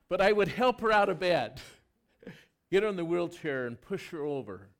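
A man with a high voice preaches as pastor at a normal speed, telling personal stories earnestly and with animation. He adds touches of self-deprecating humor.

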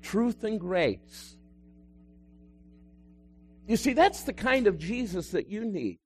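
A man, a pastor, preaching a sermon that swings between loud emphasis and hushed, quiet moments. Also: high voice, very animated, takes it slowly.

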